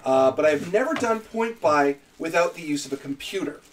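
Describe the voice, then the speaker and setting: A man's voice: on the high side, expressive, a little fast, recorded from a distance, a little hiss or hum. A man from Canada, chatting casually on a live stream in a rambling, self-mocking way while he builds a character.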